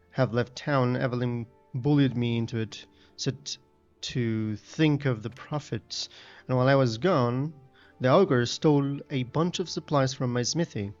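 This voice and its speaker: A man's voice: medium pitch, lo-fi sound, close to an everyday voice. A man reading the part of a nervous, guilt-ridden male blacksmith in a fantasy game, anxious and apologetic.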